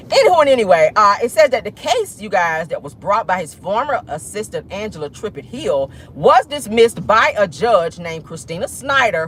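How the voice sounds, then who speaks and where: A woman hosting a casual gossip vlog, telling stories in a sassy, animated way while driving. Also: fairly low pitch, slight background noise. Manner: animated, sassy, swearing storyteller. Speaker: host. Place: in a car, driving.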